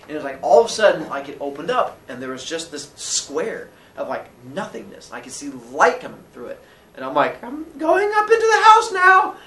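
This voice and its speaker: A man's voice: on the high side, expressive, a little fast, echoey room, recorded from a distance. A man telling a comic story about his own childhood, acting out the voices of those in it with squeals and laughter.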